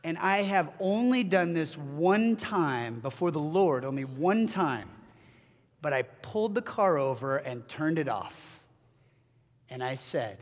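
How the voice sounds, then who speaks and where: A middle-aged man preaching a sermon, telling a family story with halting restarts and joking asides. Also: on the high side. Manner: animated storytelling with self-deprecating asides. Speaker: pastor. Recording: long reverb of a large hall.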